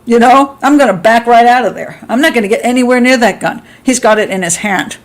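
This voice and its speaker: A middle-aged woman hosting a live stream, chatting and reading out viewer comments. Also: brisk. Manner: chatty, reads viewer comments, laughs often; acts out quotes with sharp jumps in pitch. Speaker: host.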